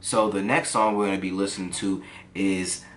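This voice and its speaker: A man giving casual reaction commentary on songs, easily excited and breaking into exclamations. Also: low voice, moderate pace, a little hiss or hum. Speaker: music reaction reviewer.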